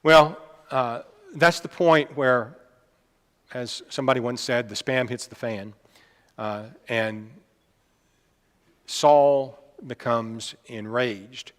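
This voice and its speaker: A man preaching a sermon in a casual, conversational way, pausing with fillers and asides. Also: medium pitch, a bit bright. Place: church hall. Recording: long reverb of a church hall.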